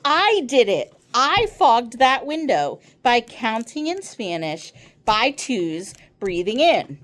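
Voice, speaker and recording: An excitable schoolboy tumbles through his story in a rambling, eager rush, as a woman reads him aloud. His voice swings up and down with lively ups and downs. It is a storybook reading. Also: fairly high pitch, takes it slowly, pitched above the performer's own voice, full character voice.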